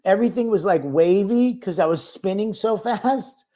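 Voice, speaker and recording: A man's voice: high-pitched, normal speed, warm tone. A male comedian telling a self-mocking story in casual, rambling talk with crude language. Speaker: comedian guest.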